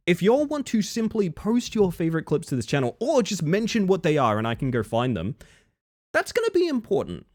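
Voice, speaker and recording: A young man chatting casually with his viewers on a livestream, animated and profane. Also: high voice, brisk, few pauses. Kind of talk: casual stream chat.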